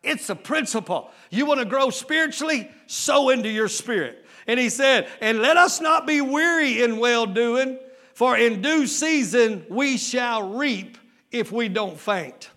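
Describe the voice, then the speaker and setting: A man preaching a sermon as lead pastor, using drawn-out emphatic phrasing and calling out rhetorical questions to his congregation. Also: very high voice, animated, pushed and bright. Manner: drawn-out emphatic phrasing, stretching key words.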